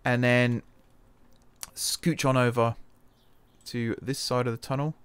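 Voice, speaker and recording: A UK man with a medium-pitched, slightly bright, clean voice speaks slowly with little pitch movement, and there's no room sound. As a let's-play host he gives casual, thinking-aloud commentary on a computer game, often changing his mind and correcting himself, while dealing with wrist pain.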